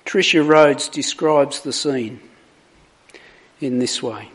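A man preaching a sermon, reading scripture aloud with dramatic emphasis on the quoted words before reflecting on them. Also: medium pitch. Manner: slow, deliberate, dramatic emphasis on quoted lines.

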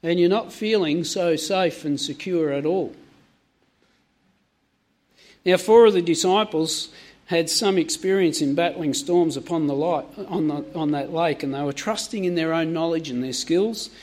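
Higher-voiced man preaching a sermon. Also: normal speed, a little mellow. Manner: asks the congregation many direct questions.

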